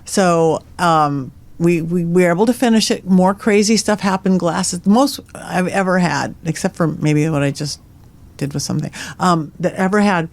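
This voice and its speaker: With a lowish voice at a moderate pace, a middle-aged woman tells ghost stories energetically as a psychic medium podcast guest, laughing at her own lines.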